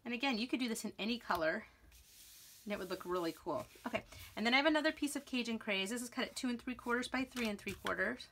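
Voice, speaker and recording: A woman's voice: on the high side, expressive, quick pace, noisy background. A woman talking casually through a card-stamping tutorial, thinking aloud as she works. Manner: chatty, self-talking while working. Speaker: stamping demonstrator.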